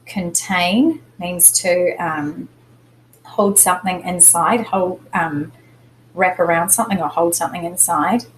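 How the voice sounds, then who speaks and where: A woman's voice: on the low side, a little slow, a little hiss or hum, low-quality recording. A middle-aged woman teacher giving a recorded spelling lesson, patiently explaining step by step and stressing syllables.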